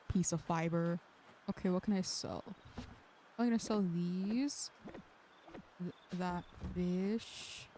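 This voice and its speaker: A woman's voice: lowish voice, slow, long pauses, mellow, faint music behind. A woman streamer chatting casually through gameplay, muttering to herself and swearing now and then.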